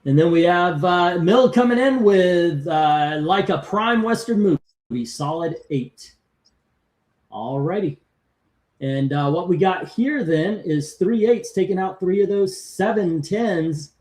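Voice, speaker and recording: Higher-voiced man hosting a live stream. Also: slow pace, darkish tone. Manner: reads out viewer comments and scores, chatty. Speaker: host of a live comic-cover ranking stream. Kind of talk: casual live-stream chat.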